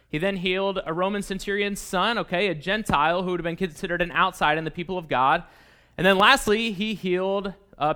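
Male preacher with a higher voice and a chatty delivery; keeps checking in with the room. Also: bright, forceful tone. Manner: conversational, with frequent "okay?" and "right?". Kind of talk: sermon.

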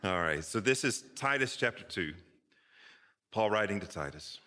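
Expressive and moderately paced, a man preaches from the pulpit of a big church sanctuary with friendly, conversational warmth and a few playful asides. He is a pastor whose lowish voice carries a bright, forceful edge, and the hall lets it ring out with a lengthy reverb.

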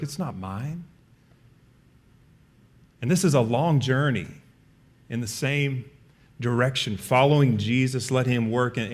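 A man preaching in an earnest, conversational way, with a voice of middling pitch. Now and then he slips into short, playful voices to act out a point. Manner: earnest, acts out brief comic voices. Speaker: pastor. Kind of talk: sermon.

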